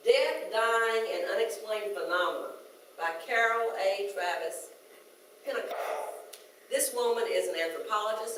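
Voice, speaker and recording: A woman's voice: medium pitch, fairly bright tone, slight background noise. Reflective woman preaching in an echoey sanctuary. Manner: conversational, reflective, with hesitant restarts. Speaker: minister. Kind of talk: sermon. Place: church sanctuary. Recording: very echoey room, mic at a distance.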